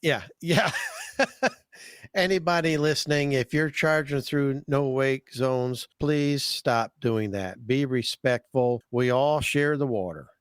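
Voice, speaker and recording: A man who hosts a fishing podcast and works as a fishing guide talks slowly in a smooth, mid-range voice. The casual chat is folksy and enthusiastic, and he often repeats his words, in a dry, studio-quality recording.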